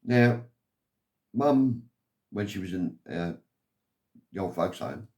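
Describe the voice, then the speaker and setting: A man's voice: low-pitched, lively intonation, takes it slowly, a little mellow. An older man from England telling a long personal story in a meandering, aggrieved way. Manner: meandering, aggrieved, keeps saying "anyway". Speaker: vlogger telling his life story.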